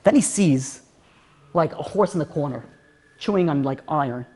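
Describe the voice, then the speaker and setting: A man, a rabbi, telling a story in an animated, conversational way. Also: a little high, normal speed, slightly rough. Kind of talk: storytelling talk.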